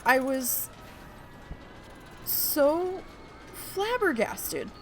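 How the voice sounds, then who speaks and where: A woman streamer telling a story in a casual, animated, exasperated way, with lots of swearing, while she plays a park-building game. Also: high voice, drawn-out words, faint music behind.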